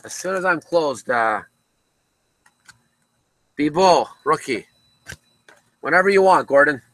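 A man's voice: fairly high pitch, animated, takes it slowly, fairly bright tone, slight background noise, low-quality recording. A man hosting a casual card break from a card shop, chatting with viewers by name as he calls out each card.

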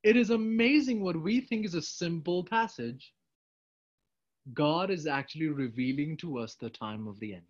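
A man preaching a sermon, emphatic, swinging between loud urgent appeals and quiet asides. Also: on the high side, lively intonation, normal speed. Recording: dull, lo-fi sound.

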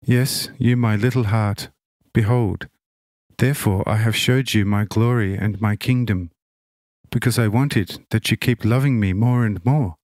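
A man voicing a gentle divine teacher who speaks in a calm, tender, reassuring way, a bit lower than his narration. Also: a little slow, no echo, clean studio sound, close to an everyday voice.

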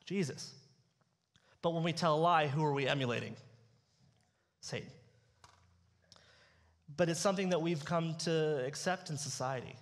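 A young male pastor preaches with humor in a church sanctuary, his voice a little high, his pace moderate, and his pauses frequent. He tells stories and acts out the dialogue, with church hall reverb on the sound.

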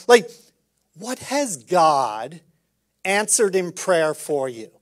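A man preaching a sermon as pastor, animated and playful, acting out little dialogues and swinging from soft asides to loud calls. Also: high-pitched, drawn-out words, long pauses.

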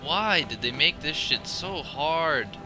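Excitable man swearing through gameplay. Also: a little high, slow, music in the background. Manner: profane, excitable, thinks out loud, yelps at scares. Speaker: let's play gamer. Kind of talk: live gameplay commentary. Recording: loud game sounds under voice.

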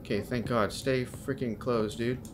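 A man's voice: medium pitch, fairly even intonation, measured pace, noisy background. A young man giving horror game commentary, jumpy and slangy, yelping when startled and talking back to the game. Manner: slangy, keeps saying dude and bro. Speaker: gaming video host.

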